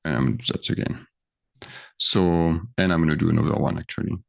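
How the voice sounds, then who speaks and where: A man's voice: a bass voice, quick pace, gravelly. A man teaching a grammar lesson over screen share, thinking aloud and checking in with frequent questions. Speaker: French teacher.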